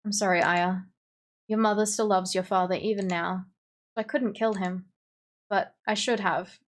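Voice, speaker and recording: A woman's voice: medium pitch, steady tone, moderate pace, natural voice. An Australian woman voicing a protective mother who speaks firmly and urgently. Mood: sorrowful. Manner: firm, urgent.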